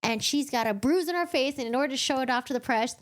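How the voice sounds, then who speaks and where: A young woman hosting her channel, giving a chatty, giggly book recap and acting out the characters in quick put-on voices. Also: high-pitched.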